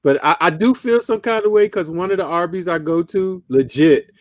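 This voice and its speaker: A man co-hosting a podcast, chatting casually in a relaxed, rambling way with many fillers. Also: sits high, normal speed, no room sound. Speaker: podcast co-host. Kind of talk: casual chat.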